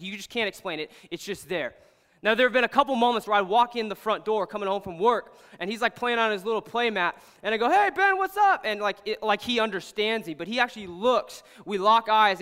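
Bright, clear young pastor in a big hall. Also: male voice, high-pitched. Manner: earnest, animated, heavy use of "like". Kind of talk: casual storytelling sermon. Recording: long hall reverb.

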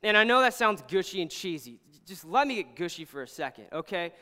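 Young male pastor, high, bright and crisp voice, earnest chatty preaching full of "like", long hall reverb. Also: a little fast. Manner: earnest, animated, heavy use of "like". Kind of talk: casual storytelling sermon.

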